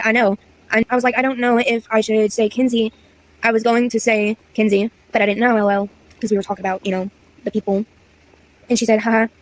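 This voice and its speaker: A woman's voice: mid-range voice, poor audio. A young woman of about twenty, reading old text messages aloud in a chatty, exasperated story-time vlog. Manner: chatty, exasperated, slangy asides. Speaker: content creator.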